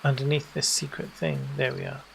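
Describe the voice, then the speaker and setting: A man's voice: mid-range voice, little pitch movement, brisk, vocal fry, a bit bright, slight background noise. A British man chatting with his viewers in a jokey, rambling way while he plays a game. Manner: jokey, rambling banter with chat. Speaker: streamer. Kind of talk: casual livestream chat.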